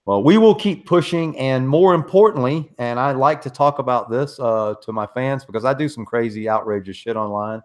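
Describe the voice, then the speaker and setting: A man's voice: mid-range voice, moderate pace, hardly any pauses. A middle-aged man hosting a live podcast, telling stories and ranting in a loose, profane, emphatic way. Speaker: podcast host. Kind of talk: casual livestream rant.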